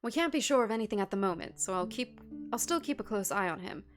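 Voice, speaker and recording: A woman voicing a courteous male royal spymaster in a game, reading his lines in a formal, measured way. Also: mid-range voice, animated, soft background music, close to an everyday voice.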